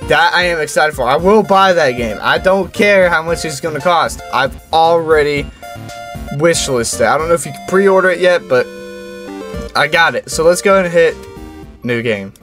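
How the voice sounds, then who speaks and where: A young man playing a horror game and commenting as he goes, reading on-screen text aloud in a slow low voice and yelping and shouting at the scares. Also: faint music behind. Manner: jumpy, yelps and shouts at scares. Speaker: gaming YouTuber.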